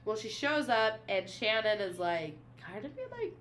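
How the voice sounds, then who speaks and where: A woman's voice: medium pitch, normal speed, slight background noise. A young woman co-hosting a podcast, chatting casually as she recaps a novel and acts out its quoted lines with lots of fillers. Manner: animated, reads quoted lines aloud, many fillers. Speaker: podcast co-host.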